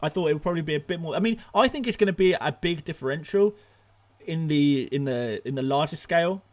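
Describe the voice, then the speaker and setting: A young man hosting a live stream, firing off rapid answers to viewer questions, excitable and laughing often, out of breath at times. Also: fairly high pitch. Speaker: fantasy football streamer.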